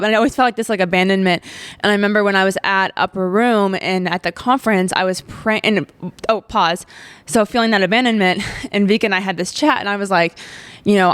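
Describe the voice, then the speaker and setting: A woman's voice: medium pitch, clear, resonant tone, no echo. Chatty young woman podcaster, dry sound. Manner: chatty, heavy on fillers like "like". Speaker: podcast host. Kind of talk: casual personal storytelling.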